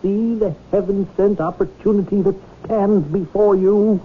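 A man's voice: high voice, fairly even intonation, measured pace, slight background noise. An actor playing a pompous, theatrical man devoted to his whale, in a 1970s radio drama, grandly preaching his cause. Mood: grandiose. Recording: tinny lo-fi old radio broadcast.

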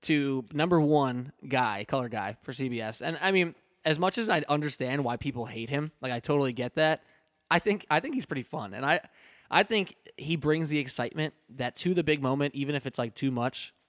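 A young man co-hosting a sports podcast, relaxed and teasing, with an average-pitched voice. He is recorded dry and close on a studio mic with no room sound at all. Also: brisk, no echo. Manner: easygoing, teasing questioner. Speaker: podcast co-host. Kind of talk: casual sports podcast chat. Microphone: studio podcast microphone.

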